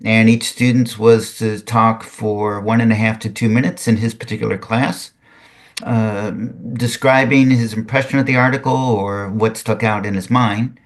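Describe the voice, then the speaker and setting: An older man who is a retired physics teacher reads a student's poem aloud in a lively sing-song lilt, adding drier spoken asides. His pitch is fairly low and his speed normal.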